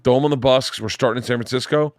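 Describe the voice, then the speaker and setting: A man's voice: mid-range voice, fairly even intonation, very fast, no echo, studio quality. A man hosting a podcast in casual chat, rambling and often restarting his sentences. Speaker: podcast host.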